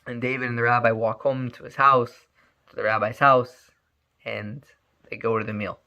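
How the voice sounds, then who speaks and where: A man telling a story in an animated, emphatic way, often repeating words. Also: medium pitch, normal speed, highs cut off. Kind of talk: spoken storytelling.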